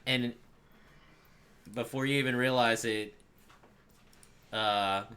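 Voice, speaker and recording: A man narrating a tabletop role-playing game as game master, in a relaxed way with frequent fillers. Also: mid-range voice, takes it slowly, clean tone.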